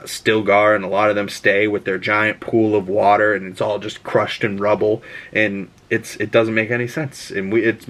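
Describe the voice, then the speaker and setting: A man giving a casual, spoiler-filled movie review, chatty and excitable, swearing freely as he talks. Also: on the low side.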